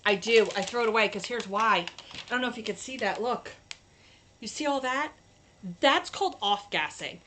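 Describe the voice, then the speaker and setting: A woman's voice: on the high side, sharp tone. A woman hosting a casual crafting livestream, chatting to viewers while she demonstrates her projects. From New York State.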